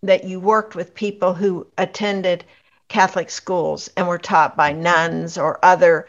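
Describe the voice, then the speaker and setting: Lady podcast host, lowish voice, kinda muffled audio, affirming. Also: little pitch movement, a little slow. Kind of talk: interview conversation. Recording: slightly dull lo-fi sound.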